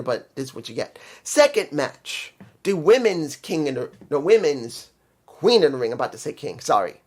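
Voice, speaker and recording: A man in his fifties talks through his opinions in a loose, rambling way, with frequent frustrated asides. His voice sits a little higher than most men's. He sounds like a casual solo vlogger reviewing an event. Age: 50s. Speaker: wrestling commentary vlogger.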